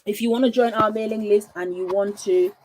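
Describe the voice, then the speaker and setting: A woman's voice: mid-range voice, steady tone, fairly quick, darkish tone, a little hiss or hum, rough recording. A woman hosting a parenting livestream from home, chatty and reassuring, often putting questions to her viewers. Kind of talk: casual livestream talk.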